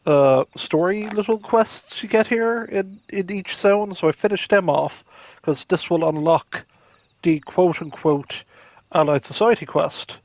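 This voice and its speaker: A man's voice: fairly high pitch, vocal fry, darkish tone, dry recording. A man hosting a casual gameplay stream, playful and jokey, rambling with fillers. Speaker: streamer and host.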